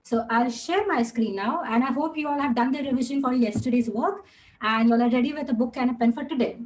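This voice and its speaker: A woman teaching an online Mandarin class, patiently repeating drill words slowly. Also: sits high, darkish tone, rough recording.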